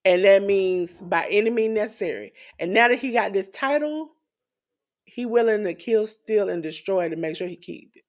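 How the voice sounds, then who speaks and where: Animated woman co-hosting a wrestling podcast. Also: mid-range voice, normal speed. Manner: animated, acts out quotes in voices. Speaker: podcast co-host. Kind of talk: casual wrestling podcast chat.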